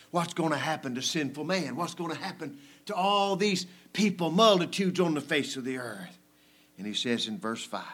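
A male preacher, delivering a folksy, conversational sermon that swings between loud emphasis and hushed asides. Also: a little high.

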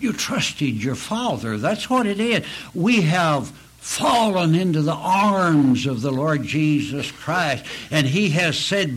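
A man preaching a sermon, slow and earnest, pleading with his listeners and rising to emphatic peaks. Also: fairly high pitch, animated, a bit bright, breathy edge, poor audio.

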